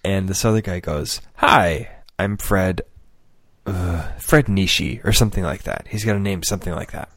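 A man with a low voice tells a meandering anecdote on a casual podcast, breaking into laughter and putting on quick voices for the people in it. The sound is dry and close, with no room around him. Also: fairly bright tone, no room sound. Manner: rambling, laughs often, acts out quoted voices. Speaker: podcast co-host. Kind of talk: casual storytelling chat.

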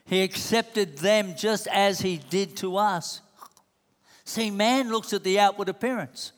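A man's voice: high-pitched, unhurried. A man preaching a sermon, pressing the same questions again and again with emphasis. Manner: emphatic, repeats rhetorical questions. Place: church hall. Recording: long hall reverb.

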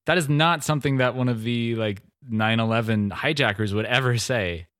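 Dry-voiced sardonic podcast host. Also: male voice, mid-range voice, moderate pace, fairly bright tone, dry recording. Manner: sardonic, laughs often. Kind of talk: casual chat.

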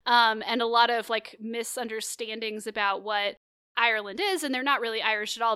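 A woman's voice: on the high side, sharp tone, clean tone, dry recording, studio quality. A woman hosting a podcast in casual chat, speaking loosely with many fillers and an easy laugh. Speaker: podcast host.

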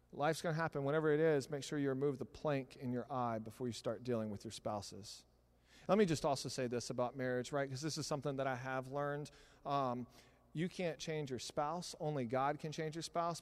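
A middle-aged man preaching a sermon in a church, talking conversationally with animated asides. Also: medium pitch. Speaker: pastor. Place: church sanctuary. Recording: long hall reverb.

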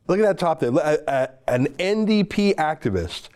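A man's voice: fairly high pitch, expressive, fairly quick, a little mellow. A man delivering a political commentary monologue in a sarcastic, mocking way.

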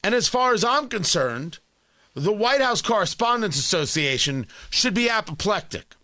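Man, sarcastic political monologue, high lively voice, bright, dry close sound. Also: moderate pace, no echo. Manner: sarcastic, indignant, mocking voices. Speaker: political commentator. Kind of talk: opinion monologue.

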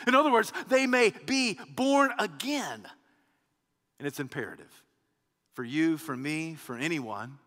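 A male pastor delivers an emphatic sermon in a high, bright, forceful voice, hammering home repeated phrases and dropping at times to a near hush. The sound rings out with a long reverb, as in a large church sanctuary. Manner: emphatic preaching with repeated phrases and wide swings in loudness.

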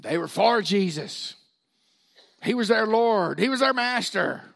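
This man's high voice has vocal fry, and he preaches unhurriedly. In his sermon he tells stories in an animated way, acting out the voices of the characters.

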